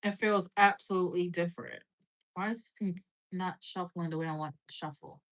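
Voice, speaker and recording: On a casual live stream, a tarot reader gives a reading in a lowish, slightly bright voice at a somewhat quick clip. She's chatty and loose, scattering "like" and "right?" through her talk along with the occasional swear word.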